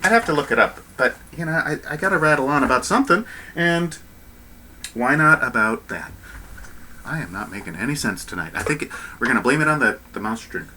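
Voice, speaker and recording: A man rambling chattily about an opera recording, often correcting himself and getting animated. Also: medium pitch, a little fast, slight background noise. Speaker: opera commentator. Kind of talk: casual spoken commentary on a recording.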